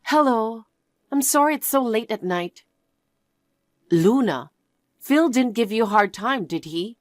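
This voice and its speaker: A woman voicing a kind, apologetic middle-aged mother in a one-voice story narration, speaking gently. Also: on the high side, animated, unhurried, no room sound. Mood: concerned.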